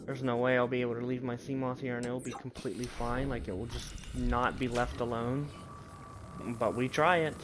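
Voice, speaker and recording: A man giving live commentary while streaming a game, panicky and excitable, swearing at what chases him. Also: mid-range voice, fairly quick, background noise. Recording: loud game audio under the voice.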